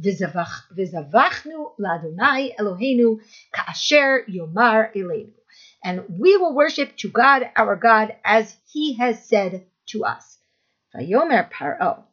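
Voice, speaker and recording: A woman with a fairly high voice teaches a text lesson, reading each verse slowly before translating and explaining it. The recording sounds dull and lo-fi. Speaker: Bible teacher. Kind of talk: text study lecture.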